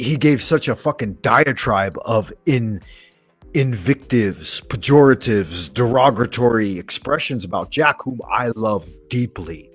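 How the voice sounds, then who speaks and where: A man's voice: fairly low pitch, fairly bright tone, husky. A man hosting a commentary video, ranting emphatically and sarcastically with plenty of swearing. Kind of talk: profane reaction commentary.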